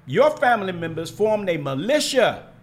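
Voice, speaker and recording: A man's voice: high-pitched, big pitch swings, normal speed. A man telling stories as a podcast guest, acting out quoted dialogue with emphatic, passionate delivery. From United States. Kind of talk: storytelling in casual conversation.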